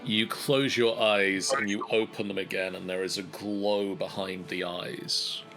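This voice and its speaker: A man narrating a tabletop game as game master, unhurried and gently amused. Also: lowish voice, fairly even intonation, faint music behind, poor audio.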